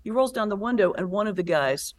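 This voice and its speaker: Animated storytelling woman pastor. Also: mid-range voice, fast. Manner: animated storyteller, lively retelling with laughs. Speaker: pastor and comedian, guest. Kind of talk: conversational interview.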